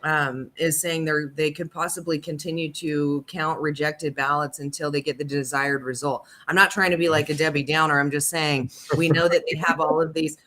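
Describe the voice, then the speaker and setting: A woman's voice: low-pitched, steady tone, moderate pace, hardly any pauses, bright, forceful tone. A woman speaking as a guest on a casual livestream, talking hesitantly with many "um"s and restarts. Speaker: panel guest.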